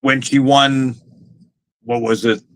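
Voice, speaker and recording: A man's voice: medium pitch, steady tone, takes it slowly, low-quality recording. A man co-hosting a wrestling podcast, talking loosely with many fillers. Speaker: podcast co-host. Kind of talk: casual wrestling talk.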